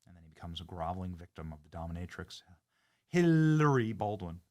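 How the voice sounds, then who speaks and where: A political commentary host with a low, sing-song voice reacts briskly to a clip. He mocks it indignantly, swinging between loud outbursts and muttered asides.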